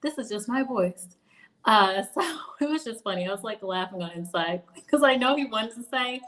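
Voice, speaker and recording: A woman's voice: on the high side, animated, moderate pace, pauses often, a bit bright. A young woman hosting a casual livestream, chatting about careers with frequent laughs and storytelling asides. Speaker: career video host.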